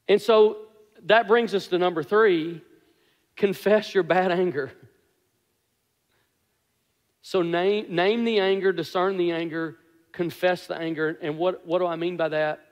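Pastor, male, high-pitched, chatty sermon storyteller, self-deprecating, in a reverberant hall. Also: fairly even intonation, normal speed.

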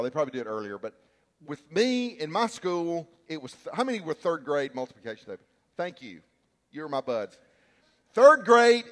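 A man preaching a sermon as a pastor, telling stories and acting out shouts and quotes with lively energy. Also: on the high side, long reverb tail. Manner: animated, storytelling, acts out shouts and quotes. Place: church sanctuary.

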